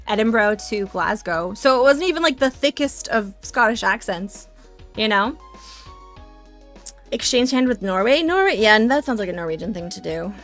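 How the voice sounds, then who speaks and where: A young woman from Louisiana hosts a casual live stream, her voice sitting a little high. She rambles and giggles, often restarting her sentences. Soft music plays faintly under her talk. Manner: chatty, giggly, lots of fillers and restarts. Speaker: streamer chatting with chat.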